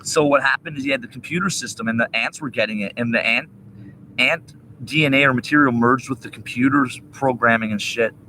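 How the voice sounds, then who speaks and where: A man's voice: medium pitch, fairly quick, sharp tone, a little hiss or hum, low-quality recording. A young man ranting profanely into a laptop webcam during a rambling livestream, agitated and cursing. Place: indoors at a laptop. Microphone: laptop webcam mic.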